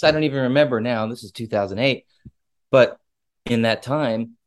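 A ship captain telling a personal story in a casual, digressive and openly emotional way. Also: male voice, medium pitch, moderate pace, no room sound, studio quality.

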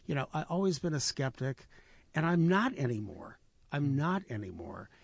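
A man telling personal stories on a radio talk show, halting and reflective, with many repeated words. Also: mid-range voice, expressive, vocal fry, slightly rough, no echo. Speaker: storyteller guest. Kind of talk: radio conversation. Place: radio studio.

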